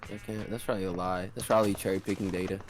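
A man's voice: low voice, level tone, very fast, over music. A man streaming with friends, chatting casually with crude, sardonic teasing.

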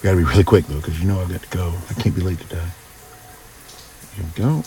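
A man speaking in an intimate audio role-play, murmuring low and often slipping into whispers and sighs. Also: fast, dark tone, slight background noise.

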